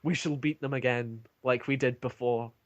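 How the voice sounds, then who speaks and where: A man voicing a loyal veteran male warrior who speaks in a calm, steady way. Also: medium pitch, moderate pace, dry recording, muffled recording, natural voice. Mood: reassuring.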